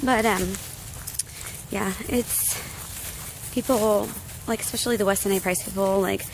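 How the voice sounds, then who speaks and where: A woman's voice: mid-range voice, fairly even intonation, a little slow, noisy background. Ranting young woman outdoors, lots of fillers. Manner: ranty, filler-heavy, talks to her dog. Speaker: vlogger. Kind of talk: casual ranting vlog. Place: outdoors on a hike.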